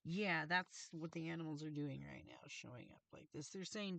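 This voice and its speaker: A woman's voice: low voice, normal speed, creaky, pushed and bright. A woman reading tarot on a livestream, channeling messages in an agitated, profane, confrontational rant. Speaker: tarot reader and streamer.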